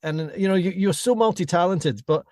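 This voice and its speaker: A man's voice: high voice, moderate pace, darkish tone, dry recording, studio quality. A man hosting a podcast, asking a guest questions in a chatty, friendly way. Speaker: podcast host. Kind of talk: casual interview chat.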